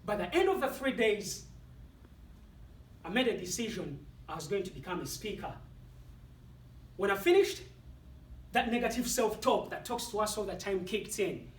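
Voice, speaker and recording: A man with an African accent giving a motivational speech to an audience in a competition, with dramatic, deliberate delivery and punchy pauses. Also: high voice, expressive. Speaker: motivational speaker. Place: speaking hall with live audience. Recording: echoey hall, voice from far off.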